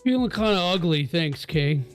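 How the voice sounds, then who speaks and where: A man co-hosting a game stream with a fairly high speaking voice. He teases his friends in a jokey way and swears without a second thought. Quiet music runs behind him. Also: animated, moderate pace. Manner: teasing, jokey, swears casually. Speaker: co-host. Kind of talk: casual chat on a game stream.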